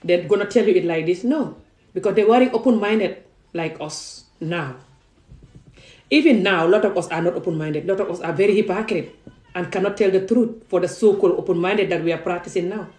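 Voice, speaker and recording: Addressing the camera directly, a young woman vlogger pleads emphatically and fires off rhetorical questions in an impassioned monologue, recorded on a phone or camera facing her. She talks fairly quickly in a lowish, darkish voice. The room is echoey and the audio quality low.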